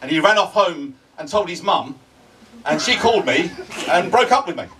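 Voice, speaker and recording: A man's voice: a little high, animated, normal speed, distant mic, background noise. An older man doing a stand-up comedy set, chatty, repeating his phrases and checking in with the crowd. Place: comedy club stage before a laughing audience.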